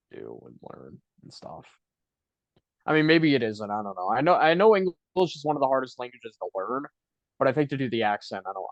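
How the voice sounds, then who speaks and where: This Buffalo, New York man co-hosts a podcast, speaking in a mid-range voice with a hometown accent. His casual talk wanders, full of hedges and filler words. The sound is dry, echo-free, and a bit dull and lo-fi.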